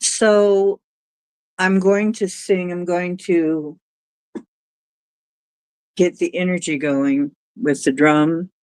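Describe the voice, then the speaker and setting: A woman's voice: lowish voice, steady tone, drawn-out words, pauses often, a little mellow, clear, resonant tone, dry recording. A woman hosting a livestream, chatting casually and rambling, now and then cooing at her cat. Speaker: livestream host.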